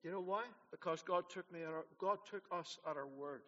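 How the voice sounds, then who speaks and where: A man's voice: fairly high pitch, fairly quick. Older male preacher in a reverberant church. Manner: earnest, exhorting, swings from loud to hushed. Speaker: pastor. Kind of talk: sermon. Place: church hall. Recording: dull sound in a large hall.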